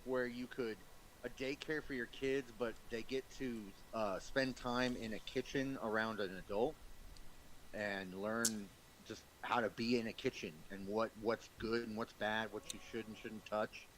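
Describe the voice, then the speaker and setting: A man's voice: on the low side, steady tone, a little slow, fairly bright tone, slight background noise, low-quality recording. A man chatting casually over a game, rambling with lots of fillers and frequent laughs. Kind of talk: casual chat while gaming.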